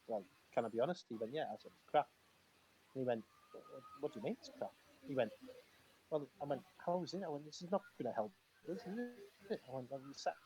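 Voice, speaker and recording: A chatty man spins anecdotes in a live talk-in, his voice sitting at an ordinary middle pitch. He laughs between lines and acts out both sides of old conversations, stumbling and restarting as he goes. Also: warm tone, a little hiss or hum. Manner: chatty and laughing, acting out quoted dialogue; halting restarts and fillers. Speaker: guest, former footballer. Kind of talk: casual storytelling on a live talk-in.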